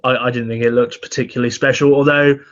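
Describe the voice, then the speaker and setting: A young man co-hosting a podcast, talking in a laid-back, halting way with dry humor. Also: mid-range voice, little pitch movement, fairly bright tone. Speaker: podcast co-host. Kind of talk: casual chat. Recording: slightly dull, muffled sound.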